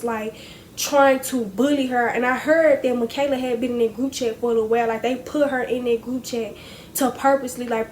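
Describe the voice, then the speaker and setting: A young woman with a high, bright voice tells a story to her viewers. She is casual and animated, addressing them as y'all, with a faint hiss behind her. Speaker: storytime vlogger.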